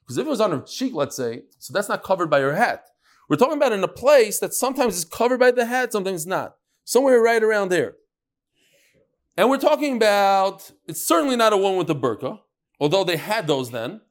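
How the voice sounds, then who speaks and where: A man's voice: high voice, big pitch swings, brisk. A man teaching a Talmud class, reading Aramaic lines and explaining them in English with jokes. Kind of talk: Gemara class explaining text.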